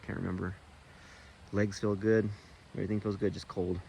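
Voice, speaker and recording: Creaky-voiced man vlogging outdoors. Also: sits low, normal speed, a little hiss or hum. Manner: relaxed, rambling, self-talking. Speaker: vlogger on a backpacking trip. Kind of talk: casual trail vlog. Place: outdoors in the mountains.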